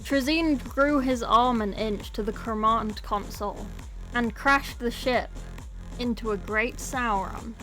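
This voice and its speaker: A woman's voice: a little high, slow, fairly bright tone, soft background music. A woman casually reading a novel aloud, with playful, chatty asides. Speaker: book reader.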